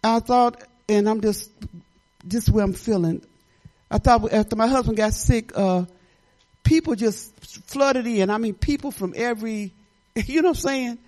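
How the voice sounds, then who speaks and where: A woman's voice: on the high side, measured pace, a little mellow. An older woman giving a rambling, chatty testimony at church, often laughing and restarting her sentences.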